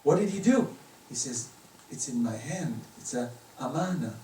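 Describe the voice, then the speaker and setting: A man's voice: medium pitch, expressive, moderate pace, darkish tone, slight background noise. A middle-aged man giving an impassioned religious lecture in a private home, pressing his points with emphatic rising questions. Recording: roomy echo, distant from the mic.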